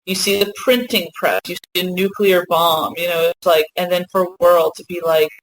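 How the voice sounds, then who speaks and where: A woman co-hosting a fan podcast, talking in an excited, rambling way and swearing freely in a casual discussion. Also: fairly low pitch, normal speed, poor audio. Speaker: podcast co-host.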